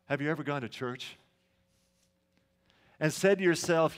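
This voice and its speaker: A man's voice: a little high, moderate pace, pauses often. A middle-aged male pastor preaching a sermon in a church sanctuary, telling stories conversationally and asking the congregation questions.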